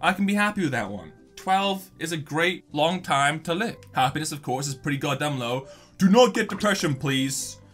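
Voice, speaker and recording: A young man giving sarcastic, animated commentary while playing a life-simulator game and reading its text aloud. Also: fairly high pitch, moderate pace, soft background music. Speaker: gaming YouTuber. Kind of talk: casual let's-play commentary.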